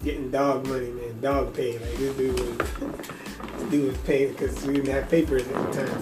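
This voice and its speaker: A man's voice: medium pitch, flat delivery, normal speed, hardly any pauses. A man from Jamaica, talking in a hesitant, reflective casual conversation full of fillers. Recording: distant mic, echoey room, faint music.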